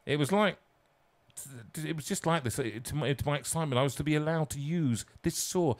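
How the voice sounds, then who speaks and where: A man reads his own comic story aloud in a theatrical, self-mocking way. He drops to hushed asides and builds to loud, excited peaks, with a fairly high-pitched voice. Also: a little fast.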